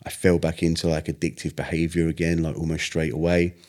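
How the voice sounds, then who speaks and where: A young man with a very deep, low voice recounts his life in a relaxed interview. He talks earnestly, slipping into the voices of people in his story to act out what they said. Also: a little fast. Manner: earnest, animated retelling with acted-out quotes. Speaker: podcast guest, vocalist.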